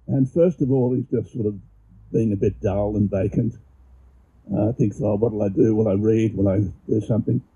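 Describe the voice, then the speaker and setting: A man giving an informal explanatory talk and reading poetry aloud, halting and often repeating words as he goes, measured when he reads verse. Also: mid-range voice, mellow, slightly rough. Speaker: presenter. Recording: dull lo-fi recording.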